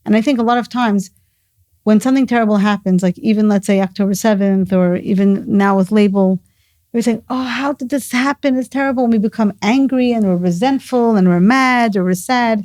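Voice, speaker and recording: Earnest middle-aged woman, mellow voice. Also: medium pitch, brisk, no room sound. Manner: earnest, storytelling, sprinkles Hebrew and Yiddish words. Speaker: guest, mother of the host. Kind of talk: casual conversation.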